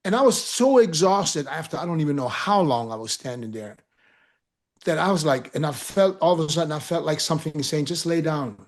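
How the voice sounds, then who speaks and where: A man recounts a story in loose, casual chat. His voice sits a little high, and he is animated and profane, laughing as he goes. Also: a little fast.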